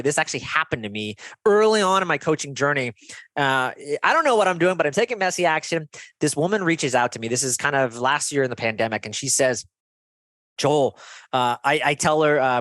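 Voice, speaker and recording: A man's voice: mid-range voice, dry recording. A man guest on a podcast, talking in an earnest, motivational way and telling stories from his coaching work. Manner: earnest, motivational, animated storytelling. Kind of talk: conversational interview.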